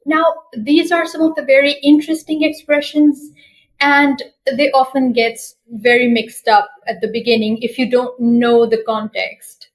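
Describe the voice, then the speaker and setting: A woman teaching basic French expressions, saying each phrase slowly and repeating it for learners. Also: fairly high pitch, rough recording. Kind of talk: slow language lesson with repeated phrases.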